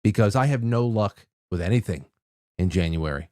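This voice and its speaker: A man's voice: fairly low pitch, animated, normal speed, dark tone, no echo, studio quality. A man hosting a casual call-in talk show, rambling with frequent restarts and chuckles. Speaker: radio call-in host.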